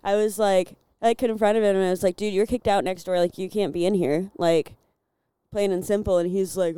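A young woman from Illinois with a Midwestern accent, rambling through stories on a podcast. Her voice is mellow, smooth and very clear, recorded close and dry. She peppers every phrase with "like" and casual curses. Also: mid-range voice, fairly even intonation, a little fast, dry recording. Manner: chatty storyteller, fills talk with "like", swears freely. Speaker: podcast guest, bar door worker. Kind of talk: casual chat.

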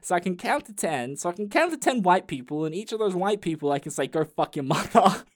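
A man's voice: high voice, big pitch swings, quick pace. A young man tells a story as a podcast host, in a loose, profane, jokey way with many restarts. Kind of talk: casual storytelling chat.

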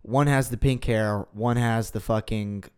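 A man's voice: fairly low pitch, fairly even intonation, a little slow, darkish tone, smooth. A man hosting a podcast in casual chat, talking in a sarcastic, mocking way. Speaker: podcast host.

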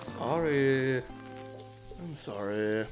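A man giving casual, animated commentary while ranking movies, swearing freely and a bit tipsy. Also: mid-range voice, drawn-out words, soft background music. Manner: animated, swinging from musing to shouting; swears freely, talks to himself. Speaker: vlogger ranking films.

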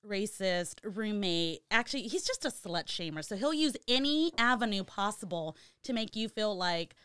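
Woman host, bright tone, gossipy, profane, dry studio sound. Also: medium pitch, expressive, normal speed, clear, resonant tone, dry recording. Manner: gossipy storyteller, swears freely. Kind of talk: casual chat.

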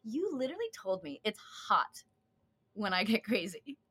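A woman's voice: a little high, very animated, normal speed, a bit bright, husky. A young woman hosting a podcast, teasing her guest in casual banter. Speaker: podcast host.

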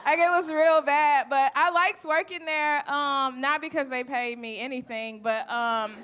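On a club stage, a woman from Chicago tells stories in a profane, brash, chatty way, her high voice fairly bright, a little slow and fairly even in intonation. The live club recording has a slight hiss or hum, with audience laughter and murmuring behind her.

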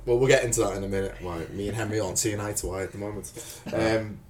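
A man's voice: fairly low pitch, steady tone, fast talker. A man with a Northwest English accent, chatting casually as a co-host on a podcast and poking fun at himself. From England.

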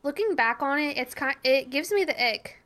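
A young woman co-hosting a podcast in casual chat, playful and quick to laugh. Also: high-pitched, lively intonation, pushed and bright, a little hiss or hum. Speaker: podcast co-host.

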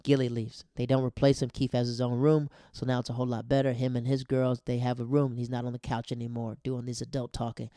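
A man spins a casual story in loose, slangy talk, laughing often along the way. His voice is mellow and warm, sitting at an ordinary pitch. The recording is dry and close. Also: level tone, fast talker, few pauses, no echo.

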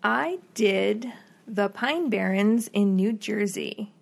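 A woman's voice: mid-range voice, lively intonation, takes it slowly, creaky. A woman in a casual podcast chat, steadily reading out prepared facts. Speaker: podcast co-host.

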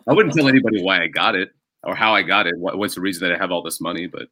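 A man's voice: deep voice, rapid-fire, pushed and bright. A man, a stand-up comedian, telling stories in a casual podcast chat and laughing as he talks.

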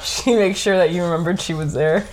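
A woman's voice: on the low side, a little fast, a little hiss or hum. A young woman on a casual podcast chat who tells stories with lots of laughter and swearing. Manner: laughs often, animated storytelling, swears freely.

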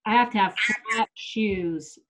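A middle-aged comedian chats casually in an unedited conversation. Her voice is on the high side and a bit bright, and she takes a slow pace while telling blunt stories full of swearing.

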